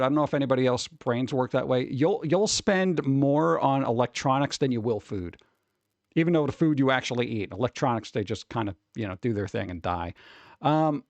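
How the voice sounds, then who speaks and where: A man's voice: fairly high pitch, no echo. Rambling, swearing streamer man. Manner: rambling, swears casually, reads news aloud. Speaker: streamer host. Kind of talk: casual livestream chat.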